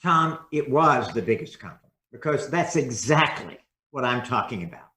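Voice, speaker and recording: A man speaking as a communication coach in a podcast interview, expressive and acting out different tones of voice. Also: mid-range voice, moderate pace, reverberant, slight background noise.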